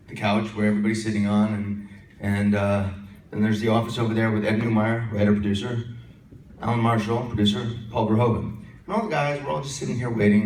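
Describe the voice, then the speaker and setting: Guy telling jokey stories at a convention panel, mid pitch, big echoey hall, mic kinda far off, faint hiss. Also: a little mellow. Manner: joking, self-deprecating storyteller. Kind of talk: casual anecdote telling. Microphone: handheld mic.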